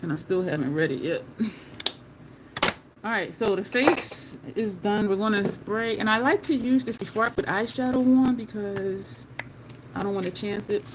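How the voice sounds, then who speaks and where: A woman's voice: medium pitch, normal speed, noisy background. A woman beauty vlogger in casual chat while doing her makeup, answering viewer comments and laughing often.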